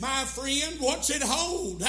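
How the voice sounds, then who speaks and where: A man pastor preaching an impassioned revival sermon. He swings from near-shouts to hushed pleading in sing-song cadences. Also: very high-pitched, expressive, takes it slowly, reverberant. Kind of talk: Southern Baptist revival sermon.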